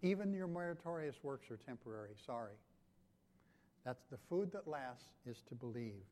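A man's voice: medium pitch, lively intonation, moderate pace, darkish tone. A pastor giving a conversational sermon, asking his congregation questions. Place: church sanctuary. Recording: long hall reverb.

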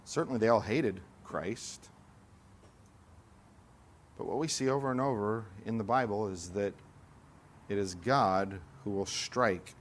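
A man preaching a sermon as pastor, explaining scripture earnestly and lifting his voice when he quotes it. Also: mid-range voice.

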